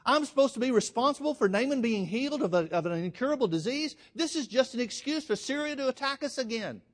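A man's voice: very high-pitched, expressive, fast talker, pitched above the performer's own voice. A man preaching voices a frightened king who cries out in alarm. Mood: panicked. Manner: shouting in alarm. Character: panicked ancient king, man.

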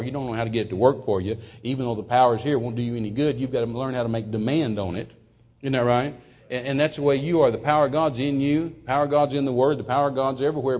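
Husky preacher man with drawl. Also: mid-range voice, a little mellow. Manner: repetitive stammering restarts, rising to emphatic quotation. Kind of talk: sermon.

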